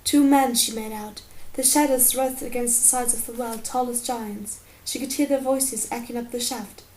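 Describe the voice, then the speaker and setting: A woman reading a fantasy novel aloud at a measured, steady pace as audiobook narration. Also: on the high side, slight background noise, poor audio. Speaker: audiobook reader.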